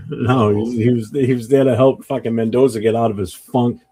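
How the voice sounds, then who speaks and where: A man's voice: medium pitch, steady tone, a little fast, dark tone, husky. A man co-hosting a sports podcast, talking bluntly and swearing freely. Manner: blunt, profane. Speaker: podcast co-host. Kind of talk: casual sports chat.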